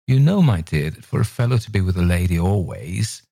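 A man's voice: deep voice, very animated, brisk, creaky, mellow, breathy edge, no echo, studio quality, exaggerated voice. A man reading a story aloud voices a precocious, sweetly teasing young boy in a raised, coaxing voice.

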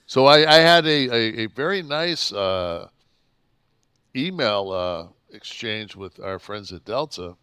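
A man in his sixties co-hosting a podcast, telling stories, swearing constantly and acting out his own shouting. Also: on the low side, animated, slow, clean tone, no room sound, clean studio sound. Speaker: podcast co-host. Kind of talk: profane storytelling chat.

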